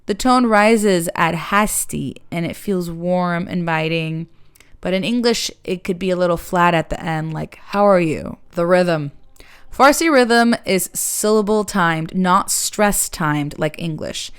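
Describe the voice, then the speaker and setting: A woman giving a calm, measured lesson as an accent coach, explaining sounds step by step. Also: fairly low pitch, smooth.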